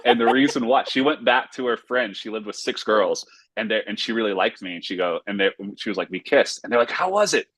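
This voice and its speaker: A man's voice: fairly low pitch, steady tone, brisk, a bit bright, dry recording. A man from North Carolina, a pastor and author, telling a personal story earnestly in a casual interview. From Raleigh, North Carolina, US.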